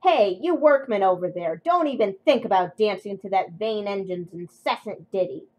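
Lady doing a cranky bossy train guy, slow grumbling. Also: mid-range voice, sing-song, rough recording. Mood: commanding. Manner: grumbling, commanding. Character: grumpy bossy male engine.

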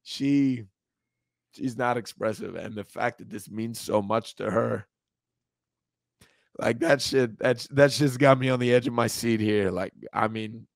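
A man's voice: medium pitch, steady tone, a little slow, vocal fry, no room sound. A man co-hosting a casual podcast, emotional and swearing freely, his voice breaking as he talks close to tears. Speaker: podcast co-host.

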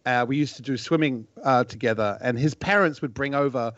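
A man who grew up in New Zealand, co-hosting a beatbox reaction livestream in a relaxed, chatty way. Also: mid-range voice, fairly quick, no echo, muffled recording. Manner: relaxed, chatty, laughs often. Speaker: co-host of a beatbox reaction stream. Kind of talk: casual livestream chat.

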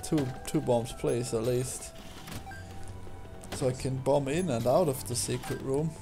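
A man's voice: mid-range voice, a little slow. A man hosting a casual gaming chat while playing, dry and understated. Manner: dry, understated, short replies. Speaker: game developer and host. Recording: game music behind.

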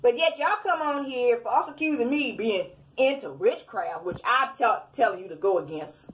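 A woman's voice: a little high, lively intonation, normal speed. A woman preaching in a fiery, scolding rant at her online commenters, repeating her points. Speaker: self-styled preacher.

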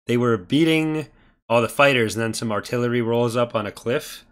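A man's voice: mid-range voice, moderate pace, clean tone. A young man as a podcast guest, recapping with dry, wry humor. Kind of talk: casual podcast chat.

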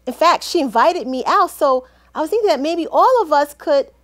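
A high-voiced woman with a lively, swooping delivery, acting out a one-woman comedy skit. She plays every scene herself, talking to partners no one hears, with sassy, dramatic flair. Her voice jumps around a lot as she reacts. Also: moderate pace.

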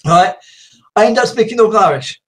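High-pitched man, slightly croaky, rambling casual chat, laughs often. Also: expressive, brisk, fairly bright tone. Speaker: host.

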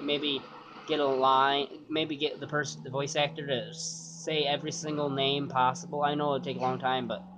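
A man giving loose, rambling gameplay commentary, cursing casually and thinking aloud. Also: medium pitch. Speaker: gaming YouTuber. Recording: dull lo-fi sound with clear noise.

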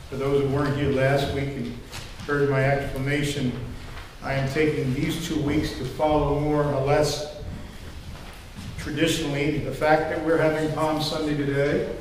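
In a church sanctuary, an older male pastor preaches a sermon, telling stories in a rambling, conversational style full of fillers. His voice is a little high, and the recording is echoey and distant, with faint ambience and slight background noise.

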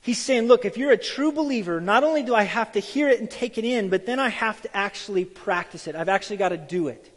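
A man's voice: high-pitched, quick pace, hardly any pauses, husky, in a large hall. A man preaching a sermon, telling stories and acting out the voices of the people in them. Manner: animated storytelling, acts out quoted voices. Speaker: pastor.

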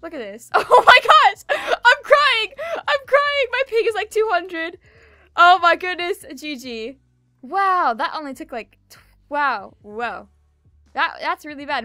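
Young woman, gameplay commentary, bright voice, dry close mic, quick and excitable. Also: a little high, clean tone, no echo. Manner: fast, chatty, excitable. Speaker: gaming video creator.

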